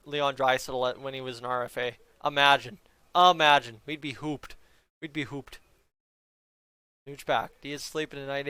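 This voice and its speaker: A young man talks his viewers through a hockey game in casual, chatty play-by-play, tossing in jokes and side comments. His voice sits a little high and sounds smooth and clear. The recording is dry and close. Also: fairly bright tone, no room sound. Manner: chatty, joking asides to viewers. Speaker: fan streamer reacting to a hockey game. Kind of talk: casual play-by-play reaction chat.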